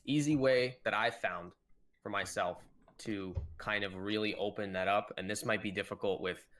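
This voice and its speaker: Animated low-voiced man sharing tips. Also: normal speed. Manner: animated, shifts pitch to act out quoted dialogue. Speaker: podcast co-host. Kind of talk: casual chat.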